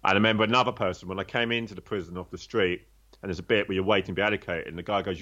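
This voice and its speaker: A man with a lowish voice tells his story candidly, swearing freely and restarting his sentences as he goes. The audio is a little dull and muffled. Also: lively intonation, quick pace, fairly bright tone. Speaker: guest telling his life story.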